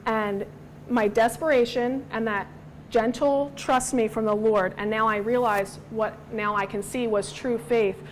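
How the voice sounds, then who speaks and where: A woman's voice: a little high, a little hiss or hum, poor audio. A woman in her thirties teaching a Bible study, earnest and personal, sometimes acting out the voices she quotes.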